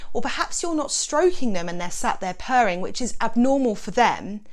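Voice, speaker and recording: A woman explains cat care as a veterinary expert, her voice sitting slightly high. She talks in a practical, reassuring and friendly way. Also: big pitch swings, normal speed. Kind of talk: instructional explaining.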